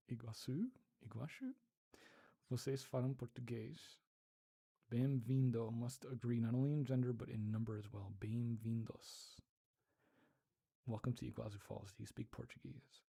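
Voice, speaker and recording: A man hosting a casual livestream, reading viewer comments aloud, laughing often and sounding out foreign words slowly. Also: mid-range voice, fairly even intonation, vocal fry, mellow, slightly rough. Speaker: livestream host. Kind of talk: casual livestream chat while learning a language.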